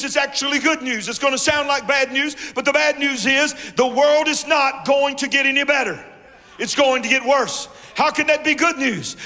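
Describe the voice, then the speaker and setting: A man preaching a fiery sermon as a guest preacher, shouting with call-and-response to the congregation. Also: extremely high pitch. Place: large church hall. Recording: long church reverb with music.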